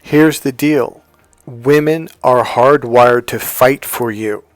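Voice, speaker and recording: A man's voice: takes it slowly, dry recording, soft background music. A man, a dating coach talking casually and bluntly, telling a story and acting out the other people's lines in a raised voice. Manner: animated, acts out both sides of dialogues in higher voices; blunt, crude language.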